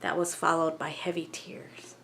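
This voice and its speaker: A woman vlogger reading a ghost story aloud in an unhurried, measured way. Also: deep voice, level tone, gravelly, fairly bright tone.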